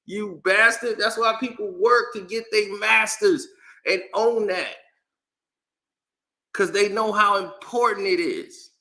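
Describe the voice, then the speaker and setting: A man holds forth in a loose, unscripted rant. His voice is very bright and sits a little high for a man. He talks with exasperated energy, slangy and quick to laugh. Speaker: commentary channel host. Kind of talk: casual opinion rant.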